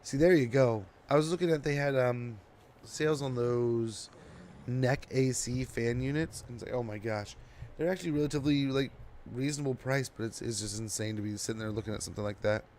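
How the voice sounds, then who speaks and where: A man in a drowsy state offers loose gameplay commentary on a strategy game, chatting and rambling with his viewers. He talks a little fast in a slightly mellow mid-range voice, with some hiss or hum in the recording.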